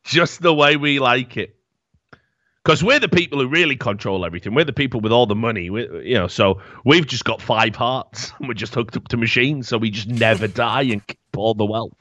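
A man's voice: medium pitch, a little fast, few pauses, fairly bright tone, no room sound, highs cut off. A man hosting a podcast in casual chat, sarcastic, swearing and laughing as he talks. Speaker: podcast host.

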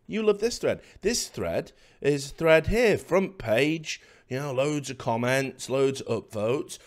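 A man's voice: mid-range voice, lively intonation, takes it slowly. A man hosting a commentary video, ranting in a sarcastic, profane and scornful way at his audience.

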